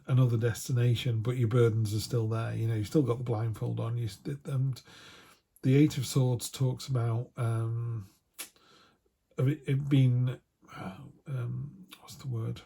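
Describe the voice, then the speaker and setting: Gravelly, mellow-voiced man reading tarot. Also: medium pitch. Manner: chatty, quotes imagined voices, frequent restarts. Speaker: tarot reader. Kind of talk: casual monthly tarot reading.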